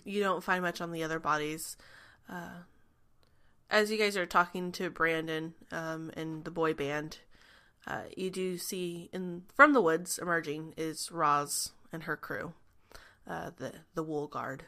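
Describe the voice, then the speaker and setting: A woman narrating as game master for a tabletop role-playing game, halting with fillers and quick laughs. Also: deep voice, fairly even intonation, bright, forceful tone.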